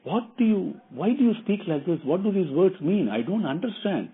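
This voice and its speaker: A gentle, bewildered king pleads earnestly, as a male storyteller voices him. His husky voice is soft and imploring, heard through a thin, tinny, phone-like recording. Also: fairly high pitch, very animated, moderate pace. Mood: pleading.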